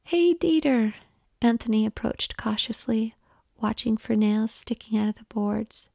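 A woman narrating an erotic story in an unhurried, hushed whisper. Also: on the high side, completely flat delivery, gravelly, no room sound, studio quality. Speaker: audiobook narrator.

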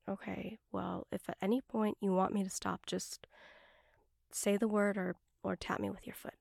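A woman's voice: medium pitch, flat delivery, normal speed, creaky, darkish tone, no room sound, clean studio sound. A woman performing an adult audio role-play as a bossy roommate, teasing and giving orders, often dropping to a whisper.

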